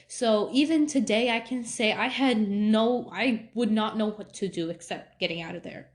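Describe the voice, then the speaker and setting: Young woman telling her story, kinda high mellow voice, rambly with lots of like and you know. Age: young adult. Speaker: vlogger. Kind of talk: casual personal storytelling.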